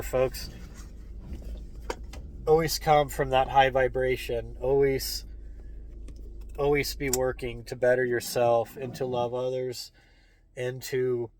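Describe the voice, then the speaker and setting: A medium-pitched, slightly mellow male voice comes through a rough recording with a little hiss or hum. He hosts his own channel, delivering a heartfelt monologue, calling listeners folks often, and at moments choking up.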